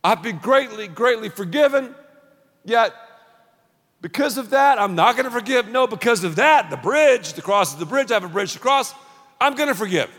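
A man preaching a sermon as pastor, punchy and animated, leading the crowd in call-and-response. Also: extremely high pitch, moderate pace. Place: large church auditorium. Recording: long reverb of a large hall.

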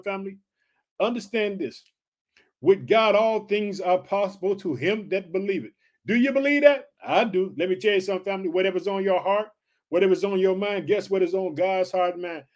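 A man hosting a podcast and preaching an energetic motivational sermon, excitedly calling out to his listeners over and over. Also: high-pitched. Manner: excited, repetitive call-outs to listeners.

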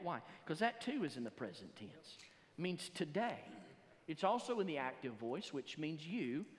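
A man preaches a sermon from the pulpit. His fairly high voice drags slowly through scripture readings and then swells to loud emphasis. The sound rings with a long reverb in a large church. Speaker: pastor. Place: church sanctuary.

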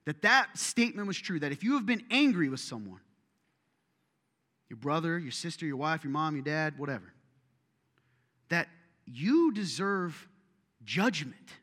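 A man preaching a sermon, animated and joking, with self-deprecating asides, in a church auditorium. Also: fairly high pitch, brisk. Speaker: pastor. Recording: long reverb of a large hall.

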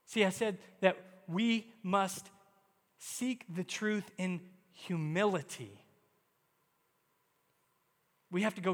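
A man's voice: sits high, a little slow, a bit bright. A man preaching a sermon as pastor, emphatic and acting out quoted prayers in his delivery. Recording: long hall reverb.

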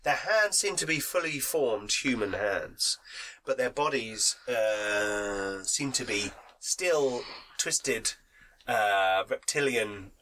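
A man's voice: lowish voice, lively intonation, slow, background noise. A man with a cold, narrating a tabletop game as game master, chatty and laughing as he describes scenes. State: has a cold.

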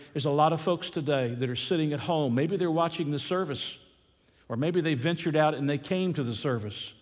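A man preaching a sermon, earnest, repeating key phrases and slowing down on the verses he quotes. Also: medium pitch, a little mellow, big-room sound. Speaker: pastor.

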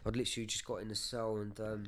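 A man's voice: on the low side, little pitch movement, rapid-fire. A man, sharing his life story as a podcast guest in an earnest, emotional way, with many fillers and restarts. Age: 30s. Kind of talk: personal testimony, casual chat.

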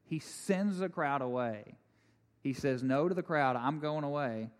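A man preaching a sermon, animated and conversational, with jokes and asides to the congregation. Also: on the high side, unhurried, long reverb tail. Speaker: pastor.

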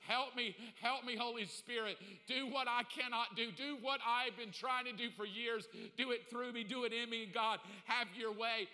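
Man, pastor preaching, hushed pleading to loud excitement, sharp bright tone, reverberant church hall. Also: extremely high pitch, moderate pace, few pauses. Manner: folksy and joking, acts out little dialogues. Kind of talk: sermon.

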